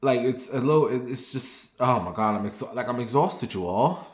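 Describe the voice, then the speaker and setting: A young man chatting candidly to his viewers, confiding and rambling, then lively and sassy when he tells a story. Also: medium pitch, normal speed. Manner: turns lively and sassy when telling stories. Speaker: vlogger. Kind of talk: casual personal chat to camera. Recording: roomy echo.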